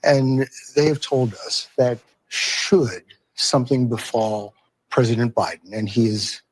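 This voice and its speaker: Man, TV interviewer, husky voice, probing questions, dry sound. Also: mid-range voice, fairly even intonation, unhurried, no room sound. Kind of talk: TV news interview.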